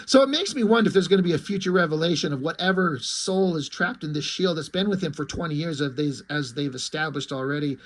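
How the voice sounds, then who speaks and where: A man's voice: on the high side, animated, quick pace, hardly any pauses. A man casually reading through and reacting to a comic, rambling and amused, with many likes and ums. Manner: rambling, amused, lots of fillers. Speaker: comic reviewer.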